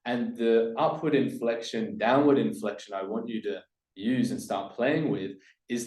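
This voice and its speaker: A man presenting a workshop to a live audience, emphatic and coaching, swinging between loud points and hushed asides. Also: mid-range voice, a little slow, echoey room, low-quality recording. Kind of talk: live seminar teaching to a room.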